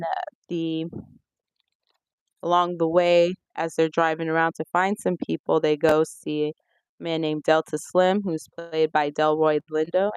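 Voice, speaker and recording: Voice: medium pitch, clean tone, no room sound. A movie reviewer talking in a casual, conversational way and recapping scenes from the film. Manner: conversational, retells scenes with lively acted-out quotes.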